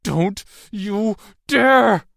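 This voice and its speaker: A terrified little girl pleads and cries out in a high, strained voice, as a male narrator puts her on. She sounds desperate throughout this audiobook scene. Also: measured pace, a little mellow, husky, dry recording, clean studio sound. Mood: screaming. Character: frightened little girl with strange powers.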